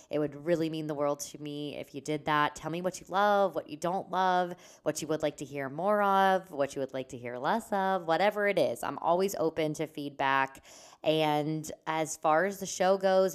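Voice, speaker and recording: A young woman hosting her own podcast, talking casually and rambling with lots of "like" and "um". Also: sits low. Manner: chatty and rambling, with frequent "like" and "um". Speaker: podcast host. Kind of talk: casual solo podcast chat.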